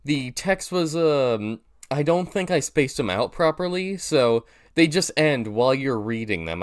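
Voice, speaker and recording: A man's voice: mid-range voice, sing-song, a little slow. A young man with a nasal voice, rambling through casual reaction commentary with lots of fillers and restarts, poking fun at himself. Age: young adult. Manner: rambling, self-deprecating, many fillers and restarts. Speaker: YouTuber reacting to his old video.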